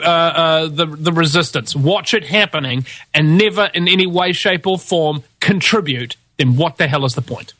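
A forceful, bright-voiced man with a New Zealand accent rants with open scorn. He drops to a low mutter, then leaps up into high, mocking shouts. The recording is close and dry, with no room sound. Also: no room sound. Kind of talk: ranting monologue.

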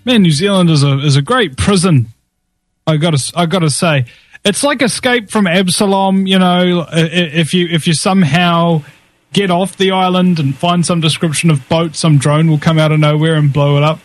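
A man's voice: a little high, normal speed, no echo, soft background music, low-quality recording. A man hosting a talk radio show in a loose, chatty way, often restarting his words.

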